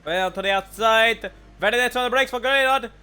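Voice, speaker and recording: A man commentating live on an online racing league, excitable, his voice climbing whenever an overtake happens. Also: very high voice, fairly quick, crowd noise.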